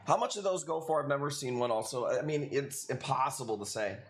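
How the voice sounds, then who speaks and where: A man's voice: medium pitch, expressive, a little fast, slight background noise. A man hosting a live coral sale stream, chatting casually with viewers in a joking, profane way. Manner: joking, profane, talks to chat.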